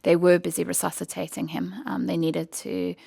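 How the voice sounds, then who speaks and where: A middle-aged woman from South Africa recounts a personal story as a podcast guest. Her voice is gravelly and sits a little low, and she talks with feeling, often pausing on "um". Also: flat delivery, warm tone. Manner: emotional storytelling, quoting others, many "um"s.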